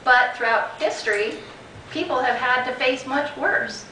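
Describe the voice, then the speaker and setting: A woman's voice: sits high, unhurried, bright, forceful tone, a little hiss or hum. A woman guest speaker at a group meeting, telling a personal story with many restarts and quoted back-and-forth dialogue. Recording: echoey room recording from a distance.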